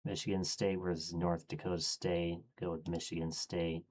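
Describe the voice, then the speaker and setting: A man streaming, thinking aloud in a casual, low-key way as he murmurs his choices one after another. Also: flat delivery, moderate pace, a little mellow.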